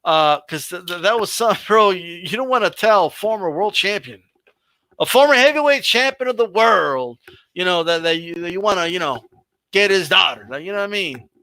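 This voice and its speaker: Brief: high-pitched man, bright edge, dry close mic, loose slangy stream host. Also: moderate pace, no room sound. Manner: animated, swearing, laughing, slangy. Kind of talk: casual boxing chat on a livestream.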